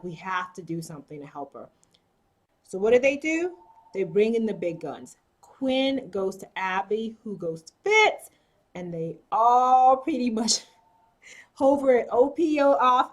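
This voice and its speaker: A woman giving a chatty, casual episode recap and acting out the characters' lines with emphasis. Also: medium pitch. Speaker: TV episode reviewer.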